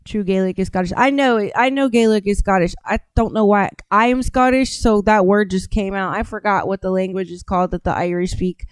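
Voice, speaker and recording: American woman, live stream host; smooth, dry close voice; rambling, conversational comment reading. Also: medium pitch, brisk, hardly any pauses, no echo. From United States. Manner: rambling, conversational, reads viewer comments aloud. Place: home studio.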